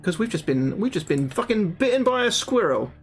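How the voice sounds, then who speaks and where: A man reads the passages of a fantasy gamebook aloud, then drops into casual, profane chatter with his stream audience. His voice sits a little high for a man. Soft music plays quietly underneath. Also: sing-song, brisk, slightly rough. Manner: chatty, swears freely, talks to his viewers. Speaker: livestreamer playing a solo gamebook.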